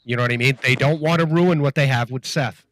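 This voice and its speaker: A man's voice: mid-range voice, a little fast, fairly bright tone, dry recording. Blunt man co-hosting, dry sound. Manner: blunt, swears, laughs often. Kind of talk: casual wrestling chat.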